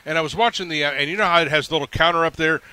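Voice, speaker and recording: A man's voice: a little high, pushed and bright, clear, resonant tone. A man hosting a live sports radio show, upbeat and steering the conversation. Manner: quick, upbeat host who steers the conversation. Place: live remote broadcast at a racetrack. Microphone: broadcast microphone.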